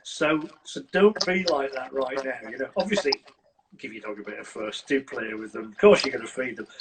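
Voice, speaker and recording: A man, a dog trainer, giving lively, casual advice on a video call. He acts out scenes and keeps checking in with "right?". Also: mid-range voice, normal speed. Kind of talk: casual advice on a live stream. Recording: distant mic with loud noise.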